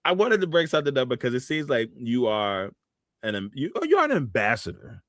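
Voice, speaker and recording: Lively, laughing male talk show host. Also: medium pitch, fairly quick, dry recording, studio quality. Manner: laughs often, slangy, supportive replies. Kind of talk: casual interview chat.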